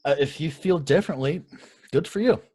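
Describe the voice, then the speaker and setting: A man's voice: a little high, brisk, dark tone, husky. A young man co-hosting a casual talk show, ranting with heat and plenty of swearing. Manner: heated, profane ranting. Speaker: podcast co-host.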